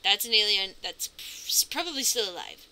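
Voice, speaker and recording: A woman's voice: medium pitch, animated, a little fast, sharp tone, slight background noise, poor audio. A woman commentating her game playthrough, chatty and narrating her moves, with nervous reactions. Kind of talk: let's play commentary.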